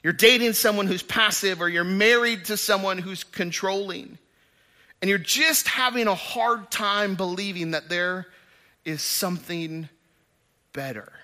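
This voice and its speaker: A man in his thirties preaching a sermon in church, moving from loud emphatic bursts to quiet asides. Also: high-pitched, unhurried. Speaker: pastor.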